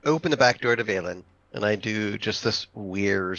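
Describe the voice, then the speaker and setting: A man's voice: fairly low pitch, moderate pace, a bit bright, no room sound, lo-fi sound. A man chatting casually as a player in a tabletop game, rambling and correcting himself.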